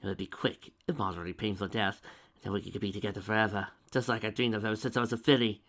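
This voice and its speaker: A man's voice: lowish voice, steady tone, very fast, a bit bright, natural voice. A man voicing an obsessive, unhinged female pony princess who cackles and pleads for love. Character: obsessive lovestruck female alicorn princess villain.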